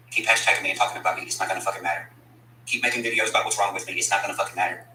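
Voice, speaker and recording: Guy going off in a fast cursing rant, sharp bright voice, echoey room w/ faint hum. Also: sits low, steady tone. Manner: blunt, cursing, combative. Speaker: country rapper addressing critics. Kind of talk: angry profane rant to camera.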